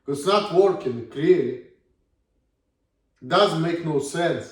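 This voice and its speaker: A man's voice: fairly high pitch, animated, slow. A man in his thirties with a Russian accent, ranting bluntly and swearing a lot in a casual monologue. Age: 30s. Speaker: vlogger. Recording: echoey room, from far off.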